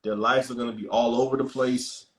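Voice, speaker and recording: A man hosting a casual conversation, speaking in a measured way and repeating phrases to drive his point home. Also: mid-range voice, little pitch movement, background noise. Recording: echoey room.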